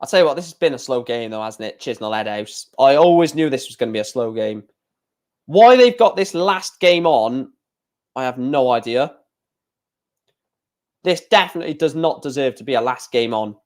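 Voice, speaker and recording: A man's voice: mid-range voice, lively intonation, normal speed. Chatty man commentating live darts. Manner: chatty, opinionated, grumbling asides. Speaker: livestream watchalong host.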